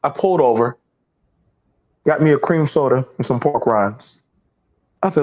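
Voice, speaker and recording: A man's voice: mid-range voice, normal speed, darkish tone, dull audio. A man hosting a heated panel talk, telling emphatic, profane stories. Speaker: podcast host.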